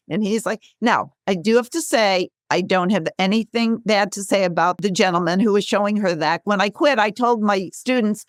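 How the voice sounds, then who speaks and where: Animated older woman telling a story. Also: mid-range voice, normal speed, hardly any pauses, dry recording, clean studio sound. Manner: lively, animated storyteller who acts out quotes. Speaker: guest, author and speaker. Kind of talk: storytelling in a podcast interview.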